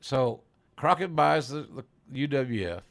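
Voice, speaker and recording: A man's voice: mid-range voice, expressive, a little slow, vocal fry, a bit bright. An older man hosting a podcast interview, telling stories in a folksy, salty manner. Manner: folksy, salty, chuckling storyteller. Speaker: podcast host. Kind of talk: casual interview chat.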